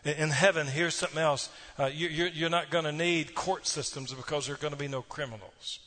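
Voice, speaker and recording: A man's voice: fairly high pitch, steady tone, a little fast, bright, forceful tone. Folksy preacher man. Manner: folksy storytelling with audience asides. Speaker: pastor. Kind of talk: sermon.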